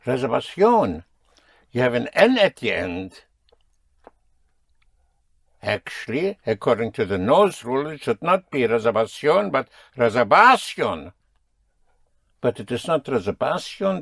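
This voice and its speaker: A man's voice: mid-range voice, big pitch swings, moderate pace, vocal fry, long pauses, no echo. A man teaching a language lesson, patiently quizzing his students and explaining rules. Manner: patient, drilling students with questions.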